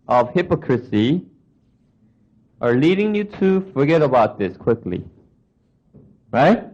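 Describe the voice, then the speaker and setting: A man delivering a sermon at an unhurried pace, his voice slightly higher than most men's and swinging widely as he acts out voices and fires questions at the congregation. The recording sounds a little dull and lo-fi. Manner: animated, acts out voices of people and God. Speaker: preacher.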